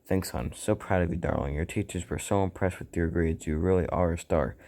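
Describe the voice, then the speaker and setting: A man reading the lines of a caring, worried middle-aged mother, gentle but firm. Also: low-pitched, fairly quick. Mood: tender.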